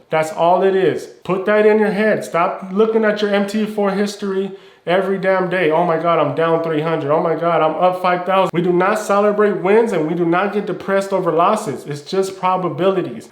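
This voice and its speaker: A high-voiced man lectures traders in a blunt, insistent, preachy way. His coaching talk is slangy and direct. The room around him rings with a noticeable echo. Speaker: trading mentor. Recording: roomy echo.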